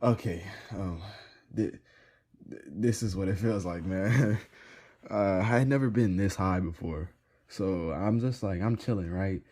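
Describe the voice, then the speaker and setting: Low, mellow young man telling a story. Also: measured pace. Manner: rambling, slangy, lots of filler words. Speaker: vlogger. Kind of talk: casual storytime.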